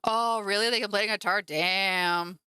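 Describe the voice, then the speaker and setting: A woman streamer chats playfully while she paints at home, her voice bright and crisp. The sound is close and dry, with no room around it. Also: mid-range voice, fairly even intonation, measured pace, no room sound. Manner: chatty and playful, teasing her cat. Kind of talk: casual live-stream chat.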